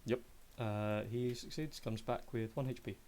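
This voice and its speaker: A man's voice: mid-range voice, steady tone, a little slow, darkish tone, slight background noise. A man acting as game master in a tabletop game, playful and humming little filler sounds while he looks up rules. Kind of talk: narrating a tabletop game over a live stream.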